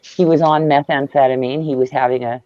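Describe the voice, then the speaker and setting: A woman's voice: rumbling low, fairly even intonation, fairly quick, dark tone, soft background music. A woman hosting a casual spiritual chat over a video call, telling stories intensely and emphatically and swearing freely. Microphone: video call mic. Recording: dull lo-fi dry audio.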